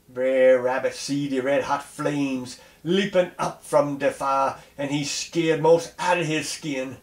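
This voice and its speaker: A man telling a folk tale aloud in a lively dialect style. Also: medium pitch, slow, hardly any pauses, reverberant. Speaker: storyteller.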